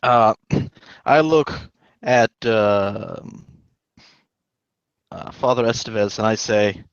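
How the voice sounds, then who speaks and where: A man's voice: lowish voice, drawn-out words, pauses often, clear, resonant tone. Man, tabletop player, dry hesitant delivery, dull lo-fi audio. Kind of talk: casual tabletop play.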